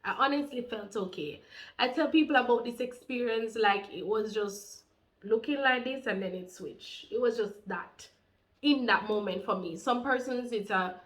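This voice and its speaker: A Jamaican woman in her thirties telling her personal faith testimony, animated and heartfelt, slipping into patois. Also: on the high side, measured pace. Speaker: faith channel co-host.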